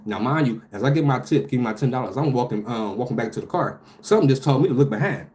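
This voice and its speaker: Animated man telling a wild story, profane. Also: fast talker, hardly any pauses, a little hiss or hum. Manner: animated, profane, loud outbursts with sudden pitch jumps. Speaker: delivery driver telling a story. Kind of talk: casual storytelling vlog.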